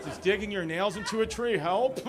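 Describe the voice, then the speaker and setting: A man with a New York accent doing stand-up crowd work, telling loud, rowdy stories with shouted impressions. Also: sits high, moderate pace. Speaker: stand-up comedian. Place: comedy club stage. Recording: live club recording with noisy crowd. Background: crowd laughter.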